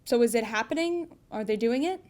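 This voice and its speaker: A woman's voice: a little high, animated, brisk, a little mellow, natural voice. A woman playing an anxious, pleading casting director who runs auditions over a video call in a comedy sketch. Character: desperate, high-strung female casting director.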